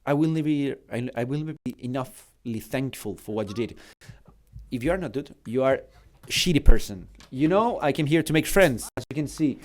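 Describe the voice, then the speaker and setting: A middle-aged man whose first language is Spanish, giving a motivational conference talk in English. He swings between loud urging and hushed storytelling, with frequent restarts. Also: medium pitch, fairly quick. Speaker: conference keynote speaker. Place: conference hall.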